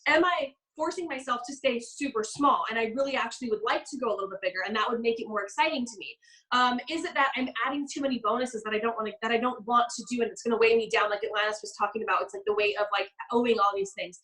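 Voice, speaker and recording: A young woman coaching a live online group, telling stories in an animated way and acting out the people she quotes. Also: on the high side, low-quality recording. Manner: fast, bubbly, animated storytelling with quoted voices. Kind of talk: live business coaching session.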